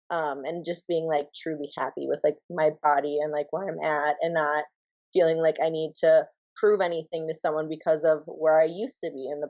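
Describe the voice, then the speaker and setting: A woman's voice: low-pitched, vocal fry, darkish tone. A woman with a Minnesotan accent, a podcast guest talking casually and chattily. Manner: chatty, full of "like" fillers. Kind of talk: casual interview chat. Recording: dull lo-fi sound.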